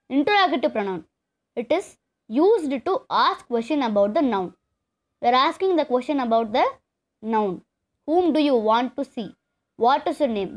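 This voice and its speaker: A woman teaching an English grammar lesson, explaining step by step and repeating key terms. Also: fairly high pitch. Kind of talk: classroom lesson.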